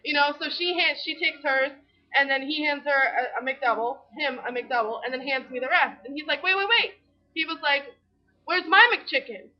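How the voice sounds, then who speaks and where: Giggly high-voiced young woman on webcam. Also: a little fast. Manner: giggly, animated retelling with quoted voices. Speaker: vlogger. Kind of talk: casual storytelling chat. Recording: dull lo-fi webcam audio.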